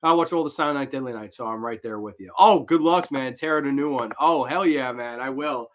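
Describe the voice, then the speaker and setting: Over dull, lo-fi stream audio, a young male host of a horror movie review stream speaks fairly quickly in a mid-range voice. He chats casually with viewers, rambling, using slang and reading their messages aloud.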